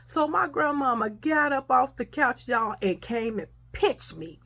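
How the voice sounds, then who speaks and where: A young adult woman casually telling a childhood story to her viewers, animated and chatty. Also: sits high, unhurried, hardly any pauses. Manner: animated, addresses viewers as y'all.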